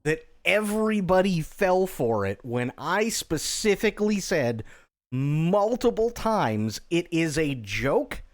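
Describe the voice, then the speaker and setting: A man's voice: on the high side, big pitch swings, takes it slowly. A young man streaming live, chatting casually and telling a joke in a playful way, laughing often and restarting his sentences. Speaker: livestreamer.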